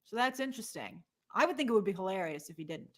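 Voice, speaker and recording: A woman's voice: mid-range voice, animated, fast talker. A middle-aged woman co-hosting a movie news show in casual chat, opinionated and reading out viewer comments and polls.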